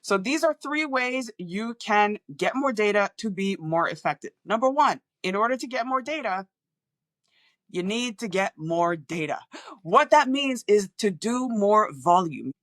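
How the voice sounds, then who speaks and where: A woman's voice: medium pitch, expressive, a little slow, no room sound. A woman audiologist with an international accent that is often taken for American, talking straight to camera and acting out patients' remarks in voices. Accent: international, often mistaken for American. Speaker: audiologist and communication coach. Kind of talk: direct-to-camera talk.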